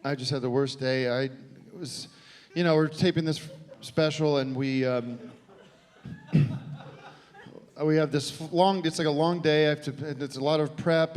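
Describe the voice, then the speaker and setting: An American man doing a stand-up comedy set on a theater stage, talking in a halting, deadpan way full of restarts. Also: on the high side, smooth. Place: theater stage before a live audience. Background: audience laughter.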